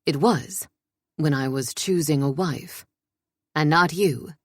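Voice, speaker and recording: A stern king with a lowered, grave voice gives short commands, as a woman puts him on for a storybook reading. His delivery is clipped and controlled. The sound is dry and close. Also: slow, no room sound.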